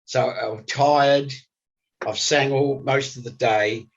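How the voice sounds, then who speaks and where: An older man, a guest musician telling animated stories in an interview. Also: mid-range voice, slow pace, breathy edge. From Australia. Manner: animated storyteller, voice jumps up when excited. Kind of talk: storytelling interview. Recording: slightly dull lo-fi recording.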